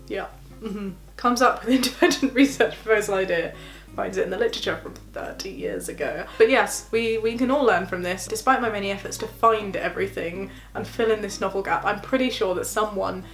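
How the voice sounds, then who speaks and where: A young woman talks casually and animatedly about being a PhD student, laughing often. Her voice sits a little high and jumps even higher when she acts out what people said. Faint music plays behind her. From England. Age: young adult. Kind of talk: casual reaction vlog.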